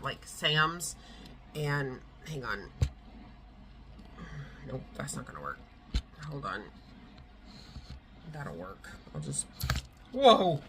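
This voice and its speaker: A woman's voice: sits low, pushed and bright, a little hiss or hum, rough recording. A middle-aged woman, chatting casually to her tripod camera at home, rambling with lots of fillers. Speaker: vlogger. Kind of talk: casual vlog chat. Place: at home, indoors.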